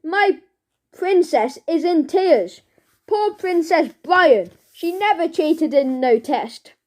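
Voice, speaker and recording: A woman's voice: very high voice, lively intonation, takes it slowly, darkish tone, full character voice. A woman voicing a hulking, dim-witted brute of a man who blusters and talks with bad grammar. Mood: blustering.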